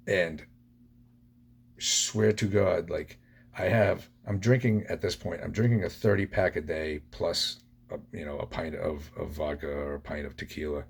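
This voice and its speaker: A man's voice: sits low, fairly even intonation, moderate pace, vocal fry, husky. A man hosting a podcast, telling his own recovery story in a blunt, profane way. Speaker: podcast host.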